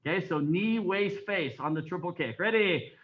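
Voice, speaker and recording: A man running a taekwondo class, his voice high and lively as it swings from barked counts to calm explanation. The recording is dull and lo-fi, like a class filmed in a training hall. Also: normal speed. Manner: barks counts and commands, then explains calmly. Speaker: taekwondo instructor. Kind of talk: coaching a martial arts class. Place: martial arts training hall.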